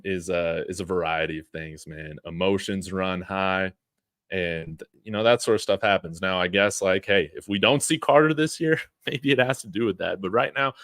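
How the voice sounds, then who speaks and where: Male sports streamer, low voice, dry close sound, loose rambling chat with fillers. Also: no echo. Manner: relaxed, rambling, frequent fillers and chuckles. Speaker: sports channel host. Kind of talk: casual live-stream chat reading super chats.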